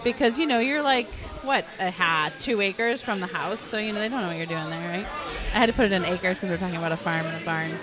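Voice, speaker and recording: A woman's voice: fairly low pitch, quick pace, a crowd in the background. Chatty woman from Wisconsin. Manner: chatty, asks blunt follow-up questions. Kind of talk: casual podcast chat.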